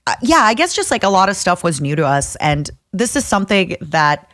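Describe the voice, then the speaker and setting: Podcast lady, lowish voice that swings up and down, teary and heartfelt, dry close mic. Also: very animated, a bit bright, dry recording. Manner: heartfelt, halting, grows tearful. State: tearful. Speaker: podcast co-host. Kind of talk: casual chat.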